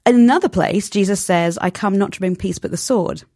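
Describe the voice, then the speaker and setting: A woman speaks as a novelist guest in an interview, lively and animated, slipping into quoted voices. Her voice carries a gravelly edge. The sound is dry and close. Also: mid-range voice, fairly quick, no echo. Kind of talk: conversational interview.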